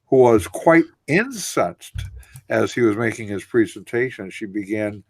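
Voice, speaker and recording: A man's voice: on the low side, animated, a little slow, breathy edge, dry recording. Earnest man explaining at length. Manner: earnest, explains with long winding sentences. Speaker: co-host. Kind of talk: casual radio discussion.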